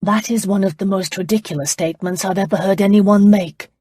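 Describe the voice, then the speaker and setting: A woman's voice: mid-range voice, steady tone, a little fast, warm tone, slightly rough, no room sound, studio quality, natural voice. A woman narrator voicing an arrogant, impatient young duke who speaks in a commanding, sardonic way. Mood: imperious.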